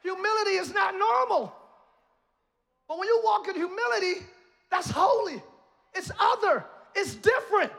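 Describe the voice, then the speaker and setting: High, bright-voiced preaching pastor. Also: male voice, expressive, moderate pace, gravelly, pauses often. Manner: preaching with rising shouts and playful asides. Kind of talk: sermon. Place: church sanctuary.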